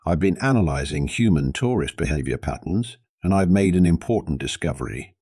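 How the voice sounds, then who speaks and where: Man doing a deep, lecturing alien scientist for an audio story, dry sound, gets excited. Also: fairly quick, dry recording, heavily acted. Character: eager pompous male alien scientist.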